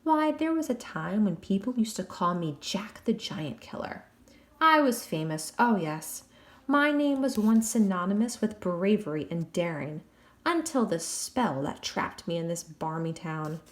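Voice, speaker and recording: A woman's voice: medium pitch, animated, unhurried, lightly acted. A woman voicing a cocky young English man locked in a jail cell, boastful and swaggering.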